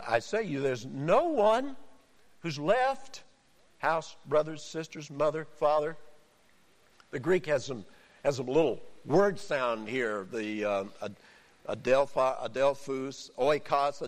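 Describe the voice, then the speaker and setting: Emphatic male preacher in a reverberant hall. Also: a little high. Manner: emphatic preacher, dramatic pauses, acts out quotes. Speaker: pastor. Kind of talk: sermon.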